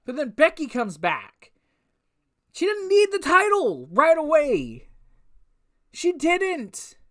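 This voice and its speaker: Speaking slowly in a high voice whose pitch swoops wildly, a woman rants through a casual wrestling show review. She keeps restarting, swears often, and fires off exasperated rhetorical questions.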